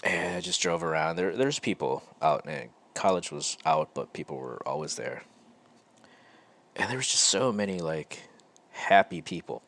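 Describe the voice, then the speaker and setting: Deep-voiced man, slow reflective storytelling. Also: expressive, a bit bright. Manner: slow, halting and reflective, with frequent pauses and restarts. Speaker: podcast host. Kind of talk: candid personal storytelling.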